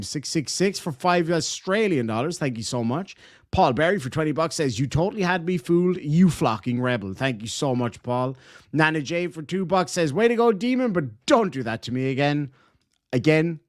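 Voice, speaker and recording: A man casually reading out super chats on a livestream, animated and full of swearing and quick thank-yous. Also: fairly high pitch. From Ireland.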